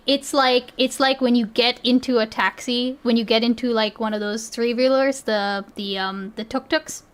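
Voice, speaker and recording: A woman's voice: on the high side, fairly bright tone. A woman with a South Asian accent, streaming and reacting in rambling, casual chat that is full of swearing and frequent laughter.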